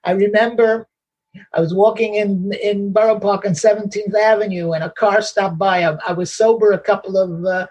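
Man, high-pitched, rough and husky, emphatic and repetitive recovery-meeting share. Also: steady tone, moderate pace, darkish tone, muffled recording. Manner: emphatic, repetitive, laughs at himself. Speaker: meeting member sharing.

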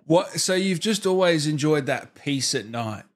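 A man's voice: on the high side, animated, a little slow. A man hosting an interview show over a video call, enthusiastic and full of praise for his guest. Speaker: show host. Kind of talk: casual interview chat.

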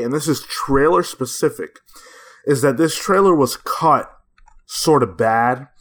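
A man co-hosting a casual podcast chat, giving measured opinions with frequent fillers. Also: mid-range voice, fairly bright tone. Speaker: podcast co-host.

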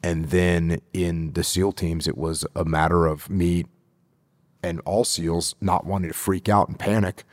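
A middle-aged man answering interview questions as a leadership instructor, deliberate and repeating phrases for emphasis. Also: low voice, little pitch movement, darkish tone, no echo, clean studio sound.

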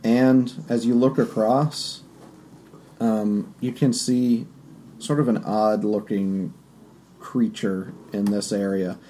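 A man narrating as game master of a tabletop game, describing scenes loosely with fillers and quick asides. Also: on the low side, steady tone, dark tone, a little hiss or hum.

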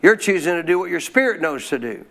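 A man preaching a sermon, throwing frequent questions to the congregation and slowing down to stress key phrases. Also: a little high, big pitch swings, pushed and bright. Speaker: pastor.

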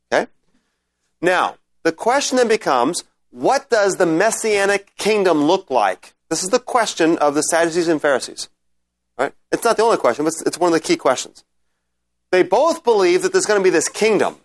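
A man's voice: high-pitched, lively intonation, normal speed. A man teaching a Bible class in a conversational lecture style, reading scripture aloud and checking in with his listeners. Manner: reads scripture aloud, then explains. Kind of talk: informal lecture with Q&A.

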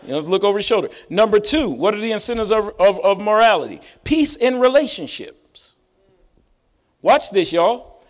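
Man, lively pastor preaching, high-pitched, rising emphasis for the congregation. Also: normal speed. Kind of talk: sermon. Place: church sanctuary.

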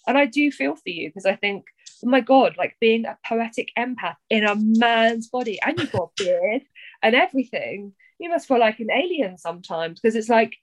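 A woman's voice: on the high side, expressive, moderate pace, no room sound. A young woman, a poet, talking candidly and animatedly in a podcast conversation, often acting out quoted voices.

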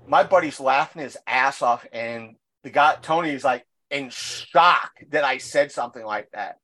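A man's voice: mid-range voice, a little slow, few pauses, bright, forceful tone. A man co-hosting a podcast in casual chat, rambling through stories with many fillers and restarts, blunt and crude in his words. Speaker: podcast co-host.

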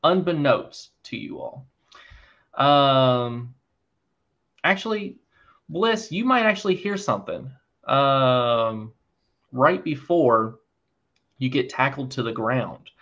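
A man's voice: mid-range voice, slow, pauses often. Man running a tabletop game, muffled. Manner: relaxed, filler-heavy narration. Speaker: game master.

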